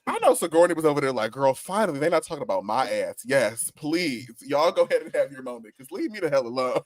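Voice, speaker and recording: A man's voice: medium pitch, sing-song, fast talker, no room sound. A man joining a casual chat as co-host, playful and teasing, laughing often.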